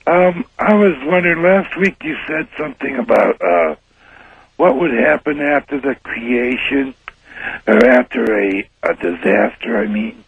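Man caller from ohio, very raspy gravelly voice, lively pitch, tinny phone line. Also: measured pace, no echo. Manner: hesitant, searching for words. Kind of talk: calling in to talk radio. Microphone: telephone.

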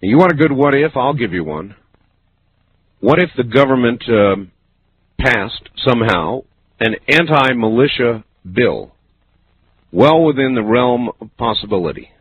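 Radio talk host, man, unhurried and musing; thin broadcast sound, faint hiss. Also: mid-range voice, lively intonation, highs cut off. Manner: slow, musing, conversational. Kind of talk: late-night call-in radio talk.

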